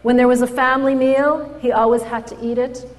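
A woman's voice: a little high, fairly quick. Storytelling woman in a reverberant hall. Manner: animated storyteller, acts out quoted voices. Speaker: speaker at an event. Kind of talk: storytelling speech.

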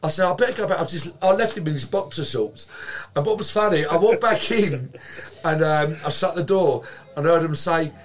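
Lively man telling stories. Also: fairly high pitch, moderate pace. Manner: animated, swears freely, acts out quotes, laughs while telling. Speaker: guest. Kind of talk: anecdotal storytelling in casual chat.

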